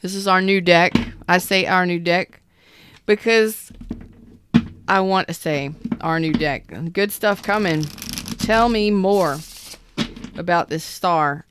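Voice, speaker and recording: A woman giving a casual live tarot reading, keeping her voice low and soft while she recovers. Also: slow, pauses often, noisy background. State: recovering from an illness. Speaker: tarot reader.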